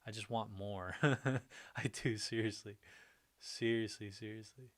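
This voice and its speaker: A man's voice: fairly low pitch, steady tone, unhurried. A man hosting a casual livestream, chatting in a rambling, upbeat way and talking back to his viewers. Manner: chatty and rambling, with frequent restarts and "like"; upbeat and friendly toward viewers. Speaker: livestream host. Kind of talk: casual livestream chat reacting to viewer comments.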